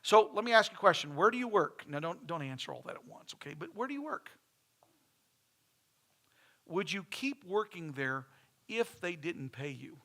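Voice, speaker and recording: Bright-voiced pastor preaching. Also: male voice, sits high, lively intonation, moderate pace. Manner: folksy storytelling, repeats key phrases for emphasis. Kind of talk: sermon. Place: church.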